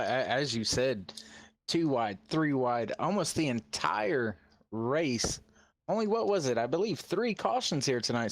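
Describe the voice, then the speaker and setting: A man's voice: mid-range voice, no echo. A man commentating from the broadcast booth, talking casually and repeating folksy phrases. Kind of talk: post-race commentary.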